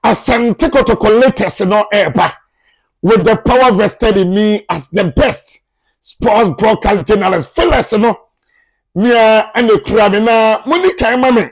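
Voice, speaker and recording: A man with a Ghanaian accent hosting his own sports news channel. He gives football transfer updates in a chatty, animated way and talks to his viewers as if they were family. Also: high-pitched. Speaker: sports journalist, YouTube channel host.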